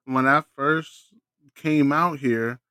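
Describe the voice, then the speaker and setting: A man's voice: medium pitch, takes it slowly, pushed and bright, clear, resonant tone, no echo. A man co-hosting a podcast, telling an anecdote in a laid-back, rambling, profane way. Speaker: podcast co-host. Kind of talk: casual chat.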